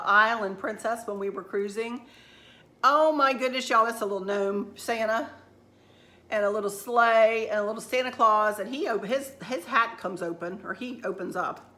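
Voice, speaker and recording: A middle-aged woman with a drawl chats with her viewers, rambling from one thought to the next. Her voice sits a little high and sounds bright and forceful. She is talking at home. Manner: chatty, rambling, addresses viewers as y'all. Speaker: vlogger. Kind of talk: casual chat.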